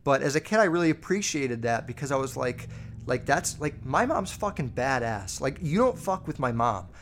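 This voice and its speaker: A man's voice: medium pitch, sing-song, normal speed, a bit bright, a little hiss or hum. A man hosting his own podcast, telling family stories in a loose, profane, filler-heavy way. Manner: swears constantly, lots of fillers. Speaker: podcast host. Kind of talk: casual storytelling.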